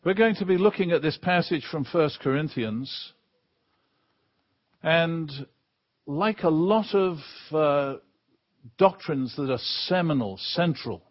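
An Englishman preaching a sermon from the pulpit as a guest speaker, leaning hard and slowly on the key words. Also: on the high side, animated, muffled recording. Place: church pulpit.

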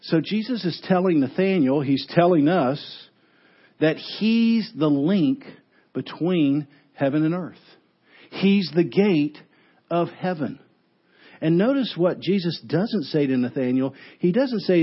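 A male pastor preaching a sermon, telling the story with lively quoted voices and dropping low and quiet to stress key words. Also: measured pace, husky, muffled recording.

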